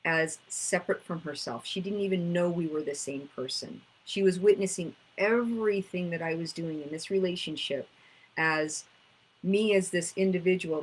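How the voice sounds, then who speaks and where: A woman's voice: fairly low pitch, slight background noise, low-quality recording. A woman, teaching about inner child work in a casual storytelling way, acting out conversations. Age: 50s.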